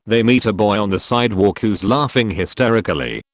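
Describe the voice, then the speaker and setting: A man reading a string of short military jokes as scripted narration, in an even, measured storytelling delivery. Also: on the low side, no echo, studio quality. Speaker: joke narrator.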